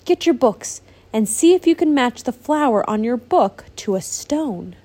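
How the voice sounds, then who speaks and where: A woman voicing a kind young princess in a read-aloud storybook, speaking gently with a slightly raised voice. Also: mid-range voice, normal speed, lightly acted. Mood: eager.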